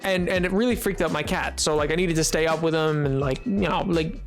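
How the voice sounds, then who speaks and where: A young adult man chats with his viewers while playing, rambling and joking with plenty of fillers. His voice sits high for a man, and faint music runs underneath. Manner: rambling, playful, quick to laugh, filler-heavy. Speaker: game streamer. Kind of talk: casual live-stream chat.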